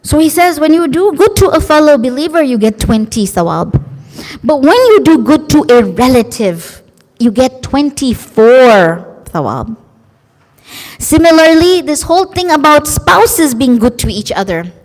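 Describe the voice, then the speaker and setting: A woman preacher giving an emotive religious sermon, expressive and acting out quoted voices. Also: sits high, unhurried. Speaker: female preacher. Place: large community centre hall. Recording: long hall reverb.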